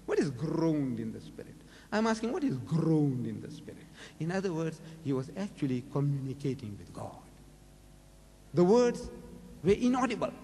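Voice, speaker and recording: Animated older man preaching in a reverberant hall. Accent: South African. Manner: rhetorical questioning, dramatic rises in pitch. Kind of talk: public lecture on religion. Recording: lecture hall with long reverb.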